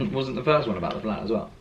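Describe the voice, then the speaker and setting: A man's voice: lowish voice, expressive, fast talker, recorded from a distance, dull audio. A young man joking and teasing during a casual vlog chat. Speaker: partner on vlog. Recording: faint background noise.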